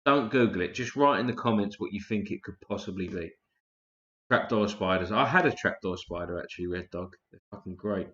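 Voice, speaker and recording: A man's voice: low-pitched, fairly quick, a bit bright. A man hosting a casual live stream, chatting loosely and swearing freely while tired and yawning. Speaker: livestream host. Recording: roomy, dull lo-fi stream audio.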